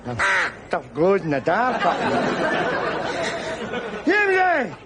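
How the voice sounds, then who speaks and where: Brash middle-aged Scottish loudmouth: high, swooping voice, belligerent rants over crowd noise outdoors. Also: male voice, wildly swooping pitch, slow, muffled recording, heavily acted. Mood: ranting. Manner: ranting, belligerent, mocking. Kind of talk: sitcom acting.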